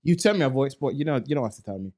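A man's voice: expressive, racing, a little mellow. A man ranting bluntly in a casual podcast chat, full of street slang. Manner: mocks others in high put-on voices. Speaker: podcast co-host.

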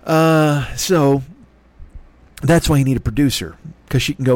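Middle-aged male podcast host, hoarse and congested, profane self-deprecating rambler, dry close-miked sound. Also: fairly high pitch, normal speed, darkish tone, dry recording. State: rough throat, stuffy nose. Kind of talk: rambling comedic monologue.

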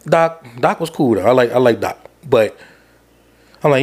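A man's voice: medium pitch, expressive, moderate pace, long pauses, husky. A man hosting a podcast, telling a rambling, profane story. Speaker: podcast host. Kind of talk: casual rant.

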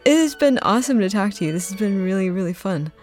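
A woman's voice: medium pitch, lively intonation, quick pace, a little mellow, soft background music. A woman hosting a podcast, chatty and upbeat as she wraps up an interview and signs off the show. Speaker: podcast host. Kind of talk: casual interview and show sign-off.

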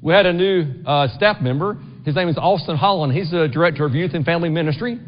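A man's voice: on the high side, quick pace, slight background noise. A middle-aged man preaching a sermon in a church, talking conversationally and often asking the congregation "right?". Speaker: pastor. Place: church sanctuary. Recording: dull long-reverb church recording.

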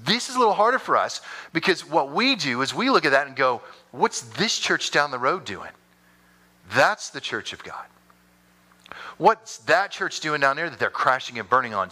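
Male pastor, sermon, very bright tone, animated storytelling delivery. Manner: animated storytelling preacher with sudden high-pitched bursts.

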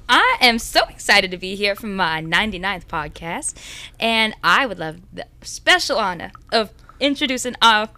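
A woman's voice: medium pitch, sing-song, unhurried, bright, forceful tone, no room sound. A woman voicing a bubbly country belle in a mock Southern accent, giggly. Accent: mock American Southern country.

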